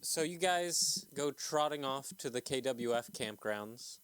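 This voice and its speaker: A man running a tabletop game as game master, speaking in a relaxed, rambling way. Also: mid-range voice, unhurried, a little hiss or hum. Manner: relaxed, rambling, laughs easily.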